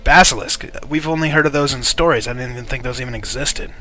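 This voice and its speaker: A man voicing a gruff, impatient guard captain who speaks bluntly and with threats. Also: medium pitch, fast, pushed and bright, soft background music, lightly acted. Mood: puzzled.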